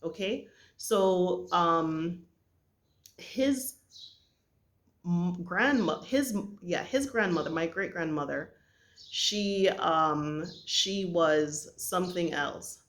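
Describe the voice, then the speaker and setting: A middle-aged woman from Jamaica telling a personal family story in an earnest, halting way with many pauses. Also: on the low side, expressive, fairly bright tone. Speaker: vlogger.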